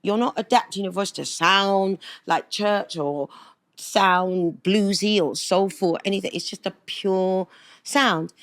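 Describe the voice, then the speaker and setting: A woman's voice: mid-range voice, measured pace. A middle-aged woman from England, a singer telling stories in an interview, laughing often and acting out voices. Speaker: singer, guest. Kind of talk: interview storytelling.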